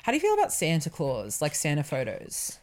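Low-voiced Australian woman, frank casual chat. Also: huge pitch swings, fairly quick, darkish tone. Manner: frank, swears freely, laughs often. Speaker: podcast co-host.

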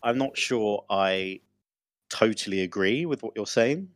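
A man's voice: lowish voice, expressive, unhurried, dry recording. A man co-hosting a podcast, trading teasing, dry banter in casual chat. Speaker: podcast co-host.

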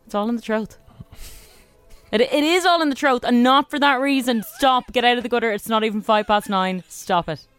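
A woman, co-hosting a radio show in casual banter, her voice husky and hoarse after karaoke. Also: on the high side, brisk, fairly bright tone, dry recording, soft background music. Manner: playful, protesting. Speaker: radio co-host. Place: radio studio.

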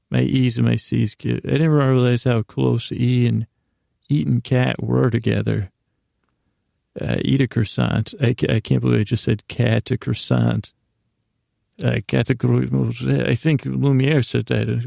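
Male podcast host, gravelly and mellow, meandering casual recap, dry close sound. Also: mid-range voice, flat delivery, a little slow, dry recording. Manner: meandering, self-correcting, reads his notes aloud.

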